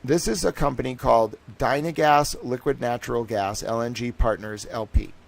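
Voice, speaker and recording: A man's voice: medium pitch, steady tone, normal speed, vocal fry, dry recording. A man talking in a casual livestream monologue, rambling and self-assured, swearing often and jumping between thoughts. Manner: restless, with many fillers and restarts. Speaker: streamer and citizen investigator.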